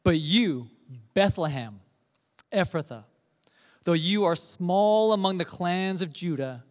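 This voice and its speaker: A pastor giving an earnest sermon, telling a gentle story before turning to scripture. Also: male voice, high-pitched, lively intonation, takes it slowly, in a large hall.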